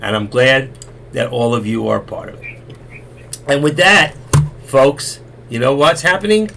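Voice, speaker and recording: A middle-aged man hosts a live stream and rambles through folksy stories in a gravelly voice that is wearing thin and hoarse. He talks at an everyday pitch, repeats himself, and there is a faint hiss behind him. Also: expressive, measured pace, long pauses, sharp tone. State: losing his voice. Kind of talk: rambling casual storytelling.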